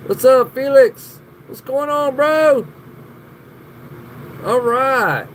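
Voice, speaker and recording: A man's voice: very high voice, drawn-out words, pauses often, a bit bright, slight background noise. A man hosting a live stream, chatting casually with viewers, swearing a lot, laughing often and rambling.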